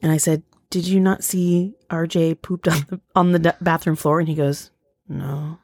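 Low-voiced woman telling a rambling story. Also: normal speed, no echo, clean studio sound. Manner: rambling, animated storytelling with fillers and quoted voices. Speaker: podcast co-host. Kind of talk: casual storytelling chat.

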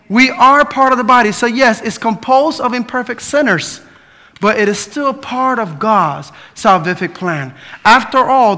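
A male preacher with a strikingly high voice and a bright, forceful tone. He preaches casually and with humor, weaving in personal stories and stumbling over repeated words as he goes. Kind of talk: sermon.

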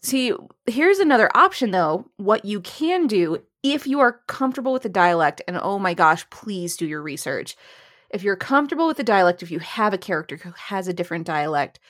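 A woman's voice: medium pitch, very animated, fairly quick, dry recording, clean studio sound. A woman co-hosting a casual writing podcast, giving firm opinions and laughing often. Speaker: podcast co-host. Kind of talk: casual chat.

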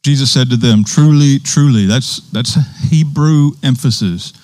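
A man's voice: medium pitch, unhurried, a little mellow, no echo. Man preaching a conversational sermon, dry sound. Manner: conversational preaching, quotes scripture with emphasis.

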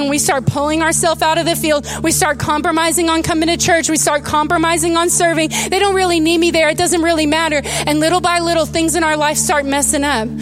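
A woman pastor preaching a sermon, telling stories with animated, emotional delivery that turns tearful at times. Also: high voice.

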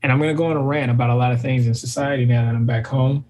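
A man's voice: mid-range voice, fairly even intonation, rapid-fire, a little mellow, slight background noise. A man co-hosting a podcast, chatting casually with frequent stammered restarts. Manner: stammering restarts, laid-back. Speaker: podcast co-host.

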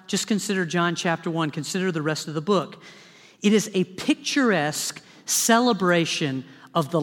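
High-voiced man preaching in a hall. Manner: animated, dramatic preaching with humorous asides. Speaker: pastor. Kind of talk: sermon.

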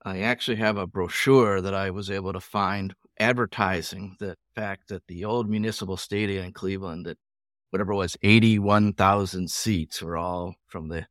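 A man co-hosting a podcast, speaking in a hesitant, halting way during a casual chat. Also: deep voice, steady tone, a bit bright, no echo, studio quality. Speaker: podcast co-host. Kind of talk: casual family-history chat.

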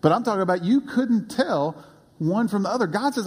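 A high-voiced, husky man preaching from the pulpit, swinging widely between loud emphasis and quiet asides. His voice rings out with the long reverb of a church hall. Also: brisk. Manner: animated preaching with sudden drops to a low aside. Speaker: pastor. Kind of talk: sermon.

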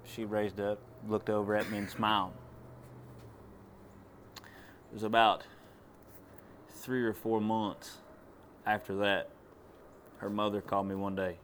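A man's voice: fairly low pitch, little pitch movement, measured pace, pauses often, slight background noise. A man giving a testimony in a sermon, telling a story in a drawling, plain way. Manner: storytelling, drawling, rising to loud commands. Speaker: preacher.

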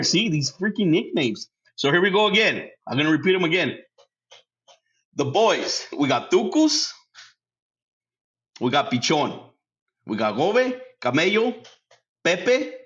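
A man's voice: on the high side, sing-song, slow, long pauses, fairly bright tone. A man hosting a casual solo podcast. He laughs often, swears freely and drops Spanish words into his English. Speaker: podcast host. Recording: dull lo-fi sound.

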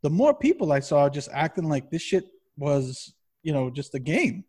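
A man co-hosting a podcast in casual chat, rambling and swearing constantly in an animated way. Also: on the high side, moderate pace, slightly rough. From Massachusetts. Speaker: podcast co-host.

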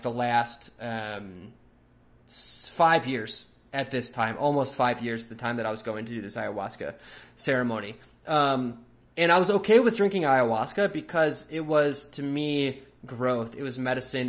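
A man at a middle pitch talks through a personal story on his podcast. He keeps it relaxed and unscripted, with plenty of fillers, restarts and the odd casual swear word. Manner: loose, chatty, with frequent fillers and casual swearing. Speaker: podcast host.

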